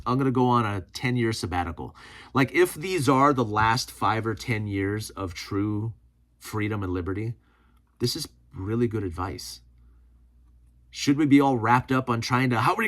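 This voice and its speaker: A man hosting a vlog and reacting to viewer comments in a casual, rambling way, often correcting himself mid-sentence and laughing. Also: medium pitch. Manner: excitable, quick shifts in loudness. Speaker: prepping channel host.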